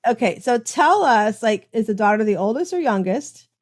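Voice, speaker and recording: A middle-aged woman hosting an interview, effusive and quick to laugh as she chats about family. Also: a little high, animated. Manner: enthusiastic, effusive, laughs often. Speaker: host. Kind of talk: casual interview chat.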